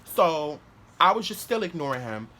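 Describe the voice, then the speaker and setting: A man's voice: on the high side, sing-song, moderate pace, sharp tone. A man telling a story to camera in a casual vlog, rambling with lots of "like" fillers, restarts and swearing. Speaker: vlogger.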